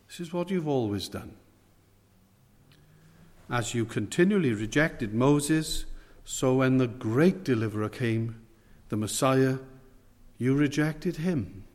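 A man preaching an expository sermon, emphatic, quoting scripture and stressing key words by lifting and dropping his voice. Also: medium pitch. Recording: long hall reverb.

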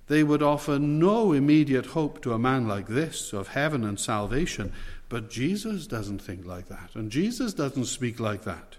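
Male preacher, sermon delivery, measured and emphatic, long hall reverb. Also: medium pitch, expressive. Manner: measured, emphatic preaching with slow stressed phrases.

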